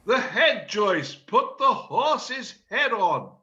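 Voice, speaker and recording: A man voices a fussy panto director who keeps blowing his top. His voice sits high and swings wide, with bright, sharp edges. The sound is dull and lo-fi, as from a video call. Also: very animated, very slow, exaggerated voice. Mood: frantic. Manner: pompous, theatrical outbursts. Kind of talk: amateur play reading.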